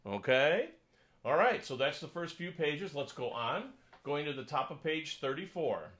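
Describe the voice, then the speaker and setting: A man working as a choir conductor, coaching a section through a piece, counting in and singing parts, sometimes in falsetto. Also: animated, a little slow, fairly bright tone, low-quality recording. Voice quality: sings in falsetto. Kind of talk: choral coaching lesson.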